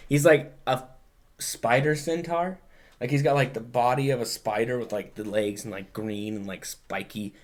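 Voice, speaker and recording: A male podcast host with a middle-pitched voice, talking loosely and rambling as he recaps. He keeps filling gaps with filler words, drops in swear words, and corrects himself as he goes. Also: fairly even intonation, normal speed. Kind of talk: casual chat.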